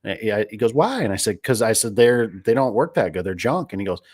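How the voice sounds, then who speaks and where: Casting note: a lower-voiced small-business owner, a man, talking off the cuff, folksy and rambling, close dry sound. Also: very animated, brisk, darkish tone, husky, dry recording. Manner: rambling, filler-heavy, folksy. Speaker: garage door business owner. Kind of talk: casual livestream chat.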